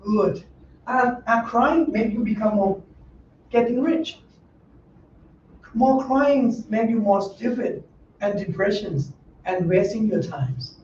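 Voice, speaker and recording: A monk with a high male voice teaches a Dhamma class in a meditation center hall, giving an informal dharma talk. He speaks slowly with long pauses and a darkish tone, blunt and joking in broken English punctuated by laughs. The recording sounds roomy and distant, with a dull mic and faint noise.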